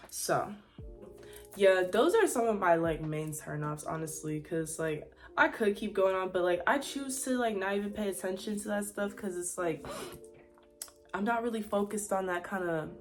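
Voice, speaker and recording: A young woman vlogging as she gets ready, chatting candidly with plenty of "like" fillers and sassy asides. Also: on the low side. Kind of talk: casual chat while getting ready.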